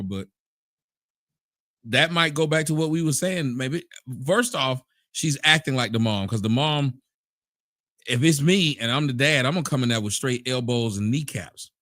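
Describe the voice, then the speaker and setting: A man's voice: mid-range voice, a bit bright, no room sound. Male host for casual commentary talk; blunt slangy delivery, dry mic. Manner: blunt, slangy, wrestling-style bravado.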